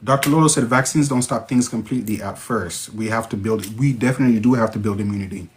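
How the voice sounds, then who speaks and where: A man with a Jamaican accent hosting a casual livestream, reading viewer comments and breaking into sudden high exclamations. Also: quick pace. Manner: excitable, interjects sudden high-pitched exclamations. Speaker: livestream host.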